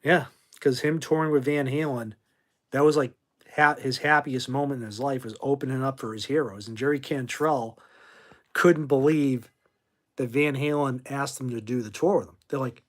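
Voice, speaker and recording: A man's voice: mid-range voice, steady tone, normal speed. Sleepy, blunt male rock stream host. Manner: drowsy, rambling, blunt and profane. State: sleepy, yawning. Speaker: livestream host. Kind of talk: casual livestream chat about classic rock.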